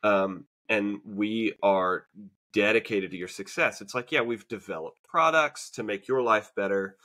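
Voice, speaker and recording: A man's voice: lowish voice, a little slow, bright, forceful tone. A man co-hosting a podcast, talking in a casual, reflective way with many fillers and restarts. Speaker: podcast co-host. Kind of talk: casual conversation.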